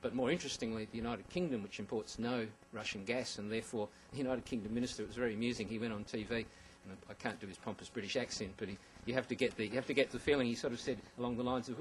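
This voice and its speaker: A man's voice: medium pitch, quick pace, hardly any pauses, poor audio. A man giving a conference presentation about slides, with wry asides and frequent ums and restarts. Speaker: conference speaker.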